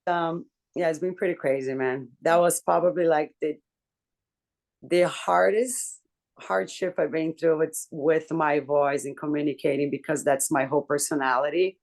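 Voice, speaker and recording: A woman's voice: low-pitched, steady tone, a little mellow. Candid woman telling a personal story. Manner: emotional, candid storytelling with casual swearing; talks in halting restarts and fillers. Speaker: book club member.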